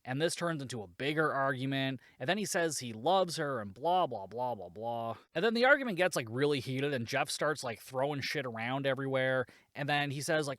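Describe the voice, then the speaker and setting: A man in the middle range of pitch recapping a film on his podcast, loose and chatty with constant fillers. He is sarcastic and profane, and the recording is close and dry with no room sound. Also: animated, a little fast, few pauses, a bit bright, no echo. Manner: frequent filler "like". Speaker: podcast host. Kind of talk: casual movie recap and review.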